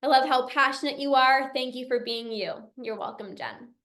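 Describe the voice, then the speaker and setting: A young woman with a high voice gives a heartfelt motivational talk as a coach and podcast host. She speaks earnestly, sometimes close to emotional, and leans on repetition to drive her points home. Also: fairly even intonation, moderate pace, pushed and bright. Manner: earnest, emotional, repeats phrases for emphasis. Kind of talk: motivational talk, reading out member comments.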